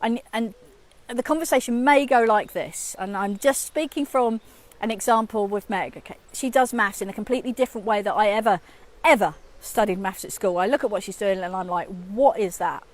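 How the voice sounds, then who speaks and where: A woman's voice: medium pitch, brisk. A woman in her fifties, a communication coach, talking casually to camera and acting out her own inner voice. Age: 50s.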